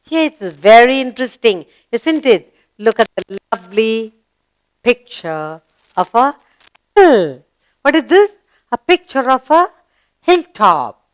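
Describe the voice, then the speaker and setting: A woman teaching a slow grammar lesson to young children, singsong and encouraging, asking questions and answering them herself. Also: a little high. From India.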